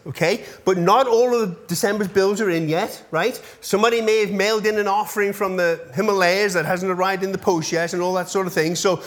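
A pastor in his fifties speaks in a high, somewhat bright voice during an informal congregational update. He's talkative, often checks in with his listeners, and is readily moved while thanking them.

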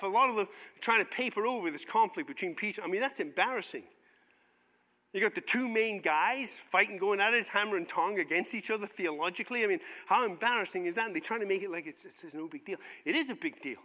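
High, bright-voiced preacher in a reverberant hall. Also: male voice. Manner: animated storytelling, acts out biblical voices in casual modern speech. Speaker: pastor. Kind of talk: sermon.

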